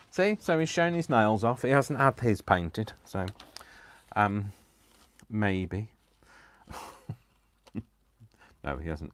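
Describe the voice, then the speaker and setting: A man chats through a live crafting stream, rambling and giggling at his own tangents. His voice is fairly low and his pace slow. The sound is dry and close. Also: no echo. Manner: rambling, giggly and self-deprecating. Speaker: craft channel host. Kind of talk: casual livestream chat while crafting.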